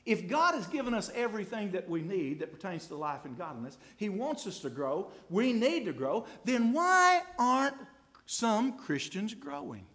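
A man preaching a sermon in a folksy, impassioned way, speaking straight to the congregation and swinging from hushed asides to loud climaxes. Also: sits high, big pitch swings, moderate pace.

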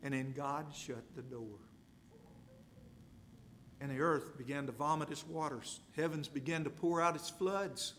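A man preaching a sermon, dramatic and emphatic, repeating phrases and swinging from loud to hushed. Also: a little high, fairly even intonation, measured pace, pauses often, slight background noise.

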